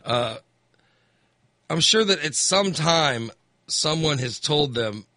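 A man's voice: a little high, animated, slow, bright, forceful tone, no echo, clean studio sound. A man hosting a call-in radio chat, rambling and acting out angry voters. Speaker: radio host.

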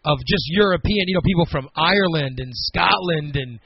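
A man's voice: a little high, moderate pace, vocal fry, slightly rough, dry recording. A man in his forties with a Midwestern American accent, hosting a casual radio chat and rambling through his opinions. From Chicago, United States. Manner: rambling, opinionated, talks through thoughts aloud. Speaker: radio show host. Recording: dull lo-fi radio recording.

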